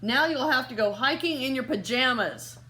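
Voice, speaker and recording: A woman's voice: sits high, lively intonation, moderate pace, sharp tone. A woman voicing a firm, watchful female alligator teacher in a storybook read-aloud, with an instructive manner. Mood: scolding.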